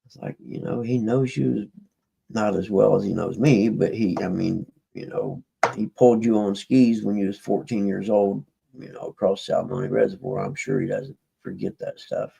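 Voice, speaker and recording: A man with a low, heavily gravelly voice talks casually to his stream viewers. He rambles in a folksy way, trailing off and restarting. His tone is dark, mellow and husky. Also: fairly even intonation, moderate pace, low-quality recording. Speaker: livestream host.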